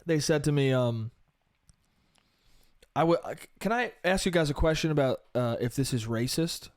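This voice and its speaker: Male podcast host, solo comedic monologue; raised, very animated pitch, swears freely, laughs at his own jokes. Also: normal speed, no room sound, studio quality.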